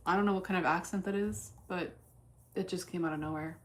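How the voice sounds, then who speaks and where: A woman's voice: fairly low pitch, fairly even intonation, a little fast. A woman streaming her day trading in casual chat, blunt and cursing freely as she thinks aloud. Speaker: livestreamer trading stocks.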